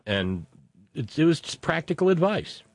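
A man's voice: on the high side, sing-song, moderate pace, no room sound. A man hosting a casual political talk show, reading out listener messages in a rambling, sardonic way with many fillers.

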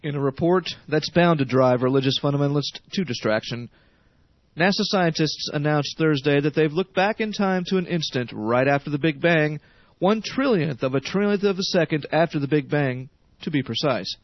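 Man, newscaster, wry, slightly high voice, dry dull broadcast sound. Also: expressive, normal speed, no room sound. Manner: sardonic editorializing. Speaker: news reader. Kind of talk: radio newscast. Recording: dry, dull radio studio.

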